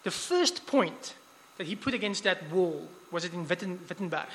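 A man preaching a sermon in a church hall, casual and conversational, often restarting his phrases. His voice sits high for a man, and the hall lends it a long, lingering reverb. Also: moderate pace, slight background noise. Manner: conversational, many restarts, animated asides.

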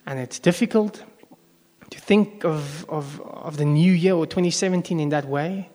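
Male pastor, a bit high-voiced, chatty sermon that quizzes the congregation, live in a reverberant church hall. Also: moderate pace, dark tone. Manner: conversational, asks the congregation questions. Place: church service before a congregation. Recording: long echo of a large hall.

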